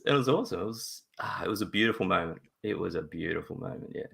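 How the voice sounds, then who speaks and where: A man's voice: quick pace, few pauses, fairly bright tone. A man, a father, telling a story in a live video-call interview, laughing often and acting out voices. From Australia. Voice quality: deep gravelly voice. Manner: laughs often, acts out voices in his stories.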